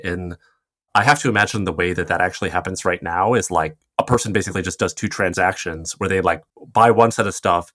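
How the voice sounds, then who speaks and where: A man with a very low voice talks as a podcast guest, laying out details in long explanatory runs with quick asides. He keeps a casual, conversational tone throughout. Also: fairly bright tone, no echo, studio quality. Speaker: podcast guest, fintech commentator.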